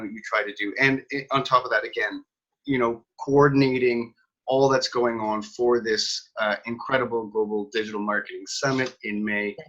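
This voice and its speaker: A man hosting a casual interview. He talks haltingly, with many restarts and fillers. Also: medium pitch, fairly bright tone, lo-fi sound. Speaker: host.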